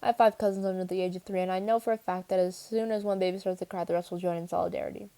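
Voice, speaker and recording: A woman's voice: on the low side, rapid-fire. Woman narrating a first-person audiobook. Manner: clear, steady narration with occasional restarts. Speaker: audiobook reader.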